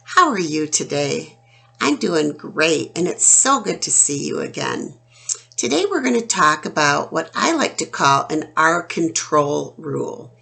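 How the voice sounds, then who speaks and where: A woman teaching a phonics lesson to young children, sounding out words slowly and clearly. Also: deep voice, expressive, sharp tone.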